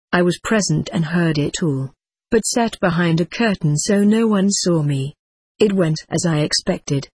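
A narrator reading a first-person story aloud in an even, measured way. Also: medium pitch, slightly rough, no echo. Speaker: audiobook narrator. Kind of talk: scripted narration.

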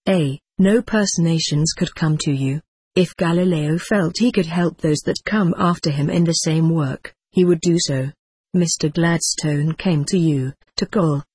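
Husky, low-voiced woman reading aloud. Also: a little mellow, no room sound. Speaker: narrator. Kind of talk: audiobook reading of a diary.

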